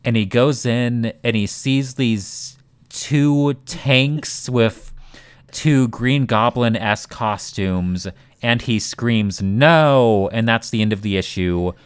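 A man in casual podcast chat, talking slowly and bluntly with plenty of swearing. His voice is smooth and clear, a little low. The sound is dry and close. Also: dry recording. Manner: blunt, swears freely, rambling asides. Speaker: podcast co-host.

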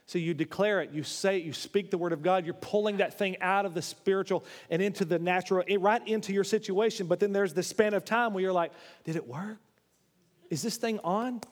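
A man preaching a sermon in a church, animated, swinging between loud, high exclamations and low, quiet asides. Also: fast, few pauses. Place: church sanctuary. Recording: long hall reverb.

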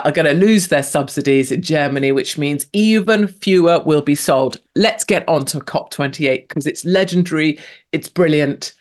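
A woman's voice: low-pitched, darkish tone. A woman in her fifties from England, hosting a show with brash, sarcastic, mocking solo commentary. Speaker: host.

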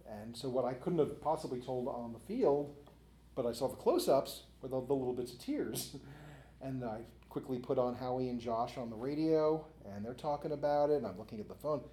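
A man's voice: medium pitch, a little fast, mellow, slight background noise. Chatty man telling stories, roomy echo. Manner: chatty, laughs often, many "you know" fillers. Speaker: author and interview guest. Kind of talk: casual anecdotal storytelling.

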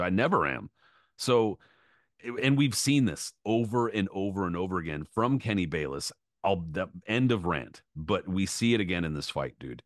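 Deep-voiced man ranting about boxing. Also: no room sound, clean studio sound. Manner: profane ranting, says bro and dude. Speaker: podcast co-host. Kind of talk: casual podcast chat.

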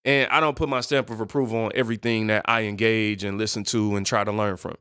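A man's voice: lowish voice, steady tone, fast, a bit bright, clean tone, no room sound, studio quality. A man hosting his own podcast, talking casually on his own, rambling and correcting himself with playful asides. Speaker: podcast host. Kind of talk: casual solo podcast talk.

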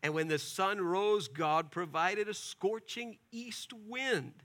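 A man preaching an expository sermon, retelling scripture in a lively, conversational way with casual asides. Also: high voice, slow pace.

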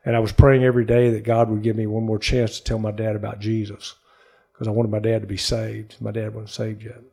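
Texan man, ex-ballplayer guest; earnest, emotional storyteller, gravelly and husky. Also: lowish voice, completely flat delivery, a little fast, dark tone. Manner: earnest, emotional, acts out quoted voices. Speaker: interview guest, former pro baseball player. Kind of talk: personal testimony storytelling. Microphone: studio mic.

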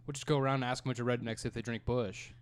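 A man's voice: medium pitch, fairly even intonation, racing, clean tone. A man co-hosting a podcast in casual chat, joking and swearing as he rambles. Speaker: podcast co-host.

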